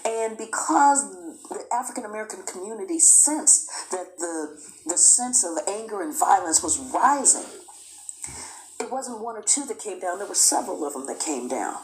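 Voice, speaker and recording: A woman's voice: mid-range voice, lively intonation, normal speed, echoey room, slight background noise, poor audio. A woman giving an emphatic history lecture, repeating phrases for weight and acting out quotes.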